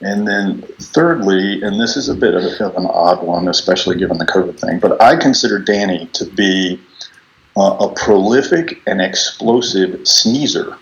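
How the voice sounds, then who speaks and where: A middle-aged man telling a relaxed story about a coworker in a farewell speech on a video call, with many fillers and restarts. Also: sits low, normal speed, highs cut off.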